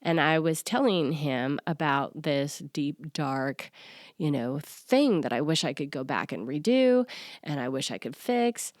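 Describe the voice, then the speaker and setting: Low-voiced woman coach, earnest and confiding. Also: animated, a little slow, no echo, clean studio sound. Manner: earnest, confiding, with soft laughs. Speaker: self-worth coach and podcast host. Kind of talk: personal solo podcast talk.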